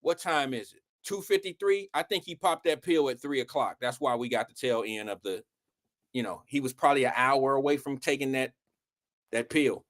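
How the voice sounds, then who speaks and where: A man's voice: mid-range voice, normal speed. A man hosting a live stream show, talking casually and telling stories in a rambling, profane way. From Ohio. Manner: animated, profane, rambling storyteller. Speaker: show host.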